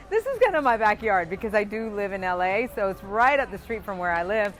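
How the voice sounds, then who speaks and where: A woman's voice: medium pitch, expressive, a little fast, soft background music. A woman hosting a show outdoors on a busy street, bubbly and laughing often. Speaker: host. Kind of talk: lively presenting to camera.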